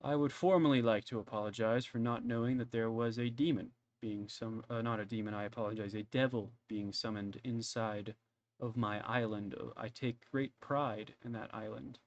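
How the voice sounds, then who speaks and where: A man's voice: medium pitch, fairly even intonation, moderate pace, lo-fi sound, natural voice. A man doing a weary pompous lord. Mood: formal. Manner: formal, apologetic, weary. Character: pompous male lord giving a formal speech.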